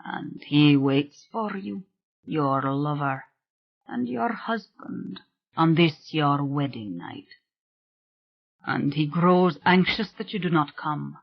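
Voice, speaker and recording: An audiobook reader voicing a tall, sorrowful male spirit with a Scottish accent and a low, vibrant, whispery voice. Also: expressive, slow, gravelly, dull audio, exaggerated voice. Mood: hushed longing.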